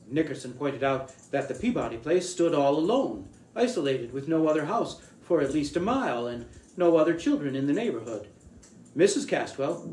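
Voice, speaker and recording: A man reading a short story aloud as storyteller, in a measured, deliberate way. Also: a little high, a little mellow. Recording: echoey room with faint hiss.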